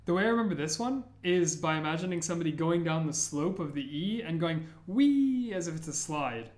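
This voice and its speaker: A man with a fairly high voice walks beginners through an alphabet, sounding out each letter slowly and saying it again. His voice carries the echo of a bare room. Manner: repeats sounds slowly and clearly. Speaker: language teacher. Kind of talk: slow, careful alphabet lesson.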